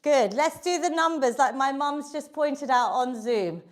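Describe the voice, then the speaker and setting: A high-voiced British woman coaches an online workout class from home, bright with encouragement as she counts down reps. She sounds a little out of breath while she exercises along. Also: measured pace. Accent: British English. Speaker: fitness instructor.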